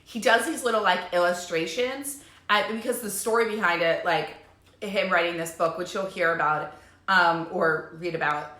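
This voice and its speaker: A woman's voice: lowish voice, normal speed, pushed and bright. A woman talking in a casual live stream as a life coach, bubbly and chatty with lots of fillers. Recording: echoey room.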